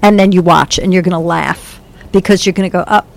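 A woman working as a psychic medium, talking in a gentle, soothing way with a rambling flow in a studio. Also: on the low side, steady tone, a little fast, creaky, poor audio. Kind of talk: spiritual reading, casual chat.

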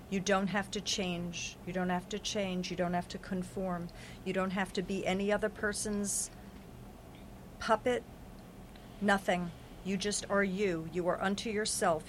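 A woman's voice: medium pitch, a little hiss or hum. A woman giving an earnest, affirming spiritual reading on a podcast, with lots of repetition. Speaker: psychic reader.

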